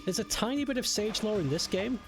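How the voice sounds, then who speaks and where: Streaming a game, a young British man chats with viewers in a high-pitched, animated, fairly quick voice. He jokes, swears casually, and laughs along with chat while giving relaxed gameplay commentary over game music.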